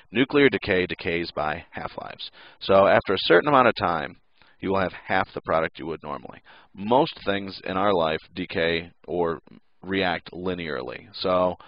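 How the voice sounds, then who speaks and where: A man's voice: sits low, no room sound, muffled recording. A male teacher giving a casual recorded lesson, joking and making playful sound effects.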